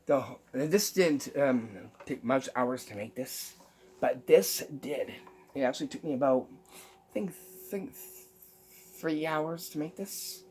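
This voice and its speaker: A man explaining how a magic prank is made, step by step, pausing often with ums. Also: medium pitch, darkish tone, slight background noise. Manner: unhurried, halting with many ums, explaining step by step. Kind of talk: magic trick tutorial.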